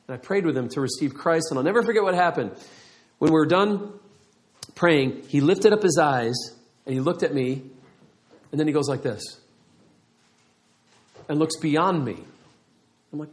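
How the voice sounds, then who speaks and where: Middle-aged male pastor, animated storyteller, somewhat high voice. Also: normal speed, long pauses. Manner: animated storytelling with acted-out quotes. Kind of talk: sermon.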